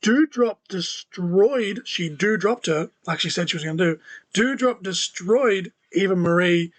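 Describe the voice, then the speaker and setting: A man's voice: high-pitched, normal speed, fairly bright tone. A man hosting a solo wrestling podcast, talking casually with lots of "you know" fillers and dry sarcastic asides. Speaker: podcast host.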